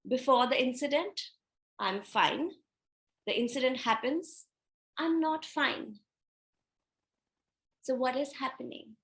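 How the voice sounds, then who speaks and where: A woman's voice: on the high side, fairly bright tone. A woman giving a reflective spiritual teaching talk, asking rhetorical questions, answering them herself, and acting out everyday scenarios.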